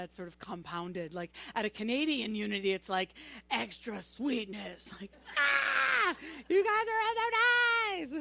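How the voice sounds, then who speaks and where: A woman's voice: medium pitch, fairly bright tone. A singer-songwriter woman telling chatty stories between songs at a live concert in a church. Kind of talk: live concert with stage banter. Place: church sanctuary, live performance. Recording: live music mixed with voice. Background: instrumental music.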